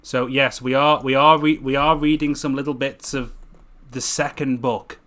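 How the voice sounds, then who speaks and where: A man's voice: medium pitch, steady tone, normal speed, hardly any pauses, fairly bright tone. A man reading his own book aloud casually, tripping over words and correcting himself with jokey asides.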